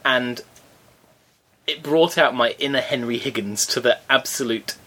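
A man's voice: mid-range voice, measured pace, bright, forceful tone. A man co-hosting a casual chat, speaking in a wry, arch, mock-haughty way. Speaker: podcast co-host.

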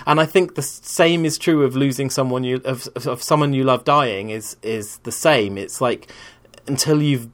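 A man's voice: medium pitch, moderate pace. A man in his thirties, a rambling and candid storyteller in casual conversation on a podcast.

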